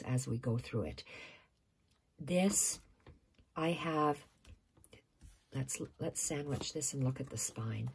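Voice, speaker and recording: A woman's voice: low-pitched, darkish tone, breathy edge. A woman hosting a casual stitching tutorial, explaining step by step, repeating measurements and correcting herself, sometimes dropping to a near-whisper.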